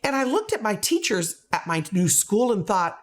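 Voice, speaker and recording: A woman's voice: mid-range voice, sing-song, moderate pace. A middle-aged American woman, a former principal, telling a personal story to camera in an earnest, emphatic way. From United States. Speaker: education company founder, former principal.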